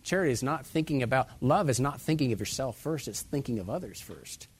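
A man's voice: mid-range voice, expressive, fairly quick, a little hiss or hum. A man preaching a sermon as pastor, putting many direct questions to his listeners.

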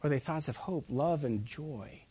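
A man's voice: on the high side, moderate pace, mellow, slightly rough. A man preaching a sermon as pastor, putting many direct questions to his listeners.

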